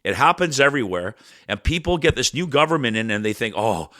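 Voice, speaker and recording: A Canadian man co-hosting a podcast, rambling and blunt, cursing freely and swinging between loud bursts and muttered asides. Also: medium pitch, sing-song, fast, no echo. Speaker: podcast co-host. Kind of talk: casual ranting chat.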